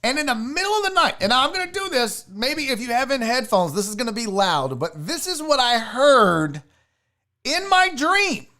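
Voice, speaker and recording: A man's voice: extremely high pitch, moderate pace. A man spins a personal story on his casual show, his voice rising and falling widely. He talks loosely, with restarts and the odd curse word. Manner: animated storyteller who swears casually. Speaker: sports show host.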